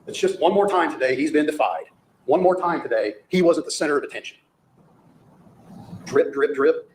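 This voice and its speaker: A man with a slightly high, expressive voice gives the prosecution's closing at normal speed, pausing at length between emphatic, rhetorical lines and repeating phrases for effect. Courtroom echo and faint noise color the recording.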